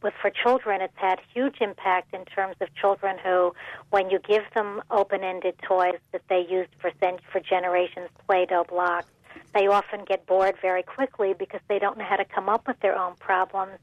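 A woman's voice: mid-range voice, flat delivery, moderate pace, dry recording, narrow, tinny audio. A woman professor, a guest on a radio show, explaining her research earnestly. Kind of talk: radio interview.

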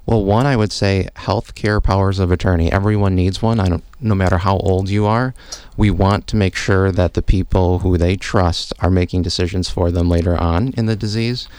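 Expert guest, male, very low smooth voice, calm and measured, dry studio. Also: dry recording. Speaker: physician and professor, guest expert. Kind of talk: radio interview answers. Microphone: studio microphone.

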